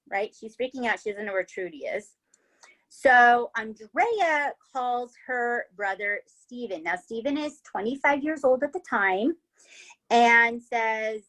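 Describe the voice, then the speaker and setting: A woman's voice: fairly high pitch, animated, unhurried, fairly bright tone. A woman hosting a podcast, telling a true-crime story in a casual, chatty way, swearing freely and checking in with "right?" and "okay?". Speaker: podcast host.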